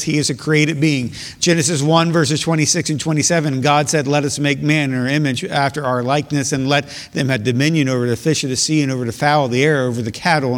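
A man preaching as a pastor, explaining scripture with rhetorical questions and reading verses aloud. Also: on the high side. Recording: long hall reverb.

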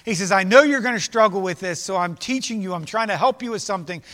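A man's voice: high-pitched, quick pace, sharp tone, in a large hall. A man preaching a sermon in a church, emphatic and passionate, acting out quoted lines. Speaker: pastor. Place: church sanctuary.

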